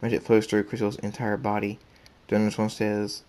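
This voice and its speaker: Low, flat-voiced man reading a story. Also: moderate pace, slight background noise. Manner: plain, even reading with restarts. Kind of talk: reading his own fan fiction aloud.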